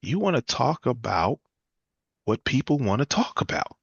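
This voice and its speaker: A man teaching a live sales class, acting out lively client conversations as examples. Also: normal speed, vocal fry, husky, no echo, lo-fi sound. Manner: energetic, acts out client dialogue with jumps in pitch. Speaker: sales trainer.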